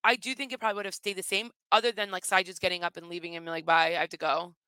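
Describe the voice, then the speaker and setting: A woman's voice: medium pitch, racing, bright, forceful tone, clean tone, dry recording. A woman co-hosting a casual chat podcast, talking loosely with lots of "like.". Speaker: podcast co-host.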